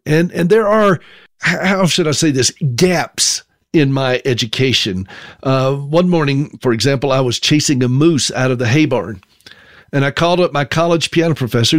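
A man's voice: fairly high pitch, dry recording, studio quality. A middle-aged man from South Carolina with a Southern accent, telling a folksy, self-deprecating story as a monologue.

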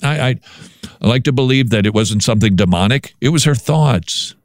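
A man's voice: mid-range voice, moderate pace, no room sound. Man with a dry-sounding commentary voice. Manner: animated, repeats words when restarting. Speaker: podcast host. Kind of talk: casual commentary on news.

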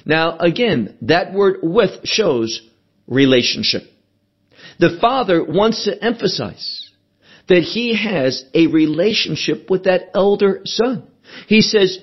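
Slow, husky-voiced male Bible teacher. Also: sits high, expressive, highs cut off. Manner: slow, deliberate, stresses quoted verses.

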